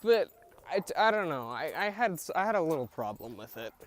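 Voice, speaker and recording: A young man hosting a casual show where he recaps TV episodes, talking haltingly with many fillers and restarts, opinionated. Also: fairly high pitch, very animated. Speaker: podcast host reviewing TV episodes.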